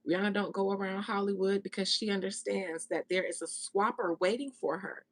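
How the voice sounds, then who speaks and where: A woman's voice: medium pitch, steady tone, fairly quick. Blunt, gossipy woman reader. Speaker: tarot reader. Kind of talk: casual monologue, spiritual reading.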